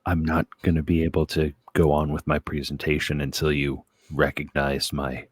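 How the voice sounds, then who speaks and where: A man giving a deadpan mock presentation on a comedy podcast, insistent and stumbling over restarts. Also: extremely low pitch, normal speed, husky, dry recording.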